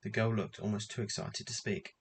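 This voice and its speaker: A man reading a children's adventure book aloud in an even, measured way. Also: fairly low pitch, a little hiss or hum. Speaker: reader.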